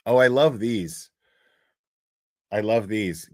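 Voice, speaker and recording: A man's voice: mid-range voice, expressive, a little slow, long pauses, dry recording, studio quality. A man casually chatting with his stream viewers, swearing often and laughing at his own jokes. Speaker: streamer talking to chat. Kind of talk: casual livestream chat.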